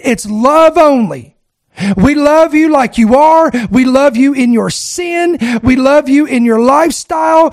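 High-voiced fervent male preacher. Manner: fervent, exhorting with call-outs. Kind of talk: sermon to an online audience.

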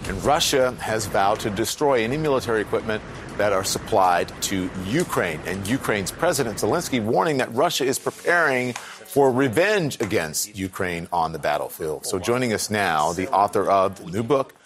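A man's voice: fairly low pitch, expressive, normal speed, slight background noise. A man anchoring a morning news show, introducing stories and questioning a guest in a direct, conversational way.

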